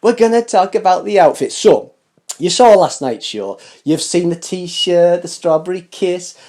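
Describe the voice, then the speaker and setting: Guy hosting a fashion vlog, playful and camp, teasing his viewers, warm mellow voice. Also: high voice, expressive, a little slow. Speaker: fashion show host. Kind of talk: casual chat to camera. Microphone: studio microphone with foam cover.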